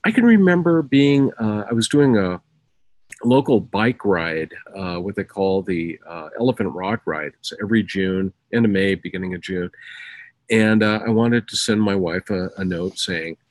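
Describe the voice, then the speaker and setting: A man's voice: low-pitched, expressive, normal speed, no echo, low-quality recording. A middle-aged American man co-hosting a casual chat show, telling rambling stories full of fillers. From United States. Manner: rambling, filler-heavy storytelling. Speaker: co-host.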